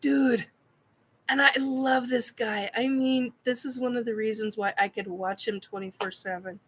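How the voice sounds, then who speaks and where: A woman's voice: a little high, fairly even intonation, normal speed, fairly bright tone, breathy edge. A woman hosting a casual live chat, giddy, laughing often and swearing while she answers comments. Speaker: live stream host. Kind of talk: casual live chat reacting to a painting video.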